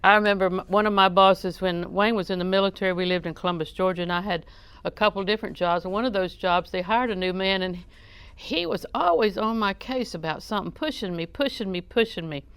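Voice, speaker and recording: Chatty woman preaching with a smooth voice. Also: medium pitch, quick pace, fairly bright tone, dry recording. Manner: conversational and joking, questions the audience. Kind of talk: sermon.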